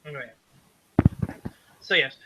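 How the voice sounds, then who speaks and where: A man's voice: unhurried, pushed and bright, a little hiss or hum, low-quality recording. A man narrating as game master of a tabletop game, rambling with many fillers and restarts.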